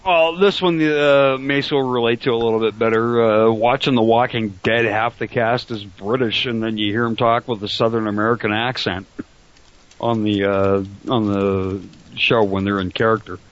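A man's voice: fairly low pitch, fairly even intonation, normal speed, highs cut off. A man co-hosting a casual podcast, chatty and joking with frequent laughs. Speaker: podcast co-host. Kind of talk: casual chat.

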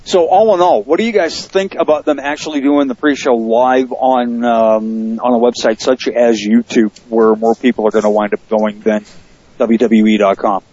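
A man's voice: medium pitch, fairly even intonation, normal speed, darkish tone, no room sound, muffled recording. A man hosting a casual wrestling podcast, brash and profane, teasing his co-hosts. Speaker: podcast host.

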